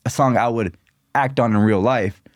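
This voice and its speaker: A young man from Minneapolis, a rapper guest on a podcast, talking in a relaxed, rambling way full of "like" and slang. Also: medium pitch, moderate pace, no echo, clean studio sound. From Minneapolis, USA. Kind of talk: casual podcast interview.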